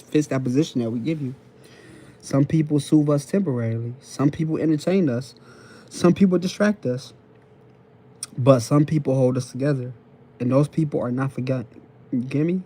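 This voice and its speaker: A man with a warm, slightly high voice runs a TikTok live stream from his phone. Preachy and repetitive, he lectures in casual slang, restating points and checking in with viewers as he goes.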